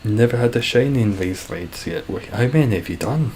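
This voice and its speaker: A man chatting casually and dryly while live-streaming a game, describing his own voice as monotone. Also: medium pitch, fairly quick, a little hiss or hum. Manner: dry, self-deprecating, calls his voice monotone.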